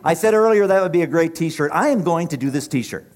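A man's voice: a little high, lively intonation, brisk, a little mellow. A middle-aged man preaching a sermon with impassioned, rhythmic delivery and repeated phrases.

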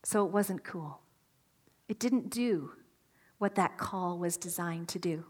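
A woman preaching a sermon, animated and asking her listeners questions, sometimes dropping to a whisper for emphasis. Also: on the low side, takes it slowly. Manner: animated, asks the audience questions.

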